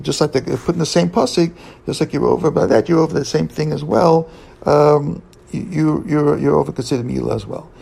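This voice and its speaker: Gravelly, husky man teaching Talmud. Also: fairly high pitch, a little mellow, poor audio. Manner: halting, with many restarts and fillers; mixes English with Hebrew and Aramaic terms. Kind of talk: Talmud study lecture.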